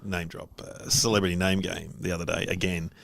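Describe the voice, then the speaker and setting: A man's voice: sits low, little pitch movement, brisk, vocal fry, fairly bright tone. A middle-aged man, hosting a casual chat and trading playful, jokey banter. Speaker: comedian and host.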